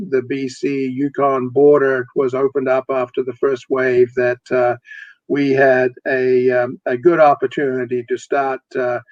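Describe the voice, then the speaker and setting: A man with a New Zealand accent, a mining company executive, speaking in a measured way with many pauses and fillers. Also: mid-range voice, no echo. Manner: measured, with many ums and uhs. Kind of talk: business presentation on a panel. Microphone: video call. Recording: dry, muffled video call audio.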